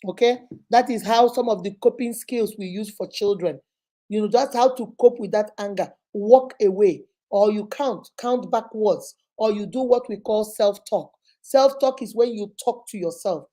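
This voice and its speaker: During a live advice session, a relationship advice host who is also a child therapist talks at normal speed in a medium-pitched, dark-toned voice. Her manner is motherly and emphatic: she repeats herself and calls the listener "baby."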